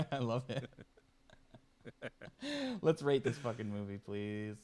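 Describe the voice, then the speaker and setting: A man's voice: medium pitch, takes it slowly, mellow. A man co-hosting a podcast, joking in casual chat. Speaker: podcast co-host.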